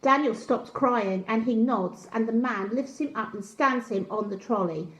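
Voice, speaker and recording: A woman storyteller reading a picture book aloud to young children, gently asking them questions. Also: a little high, normal speed. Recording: roomy echo.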